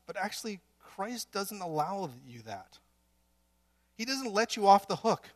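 A man's voice: high voice, very animated, unhurried, pauses often. A man preaching a sermon in earnest, building to emphatic peaks with some restarts.

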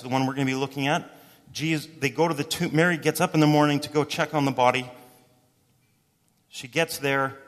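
A man delivering a sermon in a casual, chatty way, dropping in quick voiced quotes as he retells stories. His voice sits at an ordinary middle pitch. The sound carries a long reverb, as if from a church hall. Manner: conversational, animated storytelling with quick voices for quotes. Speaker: pastor.

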